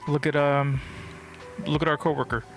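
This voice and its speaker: A man's voice: on the high side, little pitch movement, moderate pace, gravelly, soft background music. A Filipino-American man co-hosting a podcast, talking in a laid-back, candid way with hesitant restarts. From Filipino background, grew up in the United States. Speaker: podcast co-host. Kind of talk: casual podcast chat.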